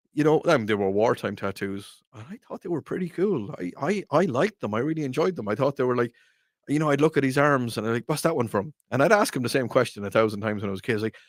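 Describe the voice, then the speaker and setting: A man's voice: medium pitch, no echo, clean studio sound. Chatty man hosting a show. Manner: chatty, rambling storyteller with frequent repeats. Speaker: radio show host. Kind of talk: casual chat.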